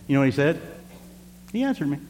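Guy preaching a story to the church, lively, echoey hall, low hum behind. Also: quick pace. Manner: animated, talks straight to the congregation. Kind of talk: sermon storytelling. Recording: reverberant hall with faint hum.

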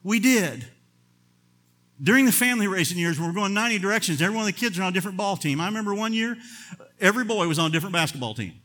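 An older man preaching a sermon with passion, swinging from loud emphatic bursts to quiet asides. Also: high voice, animated, very fast. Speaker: pastor.

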